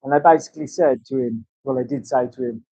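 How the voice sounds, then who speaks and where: A man's voice: mid-range voice, fast talker, mellow, no echo. A man chatting casually at work as a tattoo artist, swearing freely and telling rambling stories. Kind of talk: casual chat while working. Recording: dull lo-fi recording.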